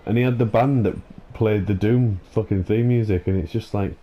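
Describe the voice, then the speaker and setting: A man's voice: on the low side, moderate pace, hardly any pauses, muffled recording. A man hosting a gaming channel, ranting in an exasperated, sweary way, full of fillers and restarts. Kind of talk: ranting commentary over gameplay.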